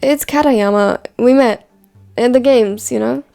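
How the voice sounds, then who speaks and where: A woman's voice: fairly high pitch, unhurried, creaky, dark tone, faint music behind. A woman doing a tipsy young guy on the phone.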